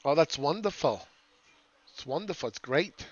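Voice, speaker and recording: A man's voice: medium pitch, little pitch movement, quick pace, darkish tone, dry recording, muffled recording, close to an everyday voice. A man doing a sing-song, gushing voice of an old lady from a Florida retirement town.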